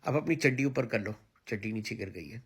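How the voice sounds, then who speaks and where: A man's voice: medium pitch, animated, racing, husky. A man hosting his own video channel, ranting crudely and mockingly to camera and switching between English and Hindi-Urdu. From Pakistan. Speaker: online video host.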